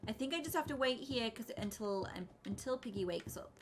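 Young girl gaming, panicky and excitable, music in the background. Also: on the high side, a little fast. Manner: excitable, flustered, bursts into screams. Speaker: gaming YouTuber. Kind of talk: let's play commentary.

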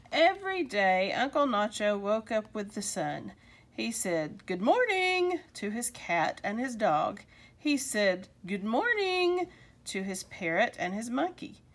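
Lively woman reading a storybook. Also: mid-range voice. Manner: warm, expressive, slows for emphasis. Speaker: children's story reader. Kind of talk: storybook read-aloud for kids.

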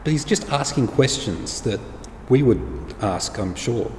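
A man's voice: mid-range voice, lively intonation, a little slow, a little mellow. A man preaching a conversational sermon to viewers at home, in a plain-spoken, informal way. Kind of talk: conversational sermon to an online congregation. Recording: echoey hall with faint background noise.

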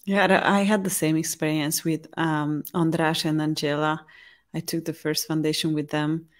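Low-pitched and moderately paced, this host is a woman from Hungary who speaks English. She keeps the conversation casual and her storytelling animated and lively.

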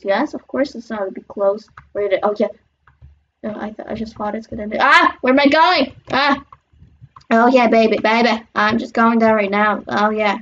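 A woman hosting a gaming channel, giving excitable, chatty running commentary on her gameplay with sudden squeals. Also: on the high side, creaky, muffled recording, a little hiss or hum.

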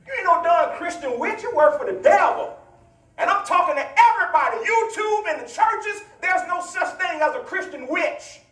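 A male preacher with a high, swooping voice delivers a teaching sermon, teasing and hollering at his congregation. He sounds set back from the mic, and the church rings around him. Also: lively intonation, normal speed, bright, forceful tone. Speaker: pastor. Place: church sanctuary. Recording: echoey church, voice from far off mic.

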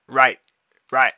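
A man's voice: mid-range voice, bright, forceful tone, dry recording, clean studio sound. A man casually commentating a multiplayer game, rambling and laughing often. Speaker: gaming video host.

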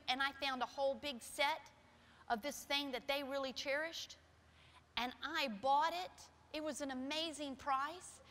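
A middle-aged woman pastor preaching a sermon with personal stories in a church, shifting from soft, quiet passages to loud, emphatic ones. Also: sits high. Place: church sanctuary. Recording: long hall reverb.

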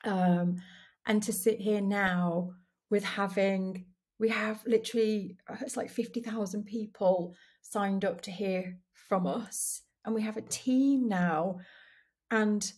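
A woman's voice: medium pitch, fairly even intonation, a little slow, a little mellow, husky. A woman hosting her own podcast from her dining room, talking candidly in a reflective solo monologue, often restarting sentences and laughing at herself. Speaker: podcast host.

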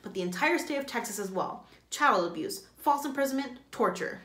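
A woman voicing a fierce female attorney who speaks forcefully and indignantly. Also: fairly high pitch, lively intonation, moderate pace, voice pushed up. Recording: echoey room.

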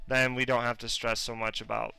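A man hosting a let's-play, chatting casually and getting playfully excited at what he finds. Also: medium pitch, brisk, creaky, smooth. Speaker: gaming channel host.

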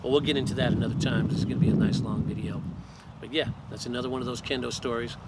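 A man's voice: mid-range voice, fairly even intonation, racing, very noisy. A man hosting his own channel, telling a story in a laid-back, profane way and saying "man" at the end of many phrases. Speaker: cannabis breeder and channel host. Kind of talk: casual storytelling.

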